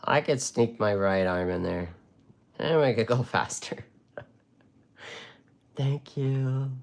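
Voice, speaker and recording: With a gravelly, medium-pitched voice and lively intonation, a man teaches watercolor on a live stream at a slow pace. He rambles and cracks jokes the whole time he draws, keeping the lesson casual.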